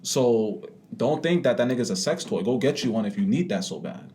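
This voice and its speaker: A young man co-hosting a podcast in casual chat, blunt and profane, talking with animated emphasis. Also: mid-range voice, brisk, a little hiss or hum. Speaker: podcast co-host.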